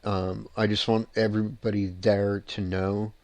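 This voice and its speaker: Man, paranormal show host, lowish voice, excited rambling storyteller, laughs a lot, dry sound. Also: unhurried, no room sound. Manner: animated, laughing, rambling with restarts.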